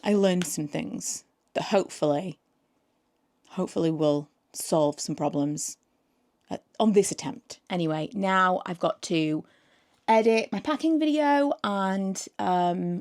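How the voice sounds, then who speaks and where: A woman's voice: lowish voice, expressive, unhurried, darkish tone. A woman, chatting casually and rambling to camera in a vlog. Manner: chatty and rambling, with frequent fillers. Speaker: vlogger.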